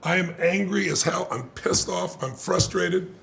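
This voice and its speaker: Older man, gravelly, higher-pitched voice, animated storyteller, interview guest. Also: unhurried. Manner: animated, acts out quoted voices, laughs often. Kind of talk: conversational storytelling.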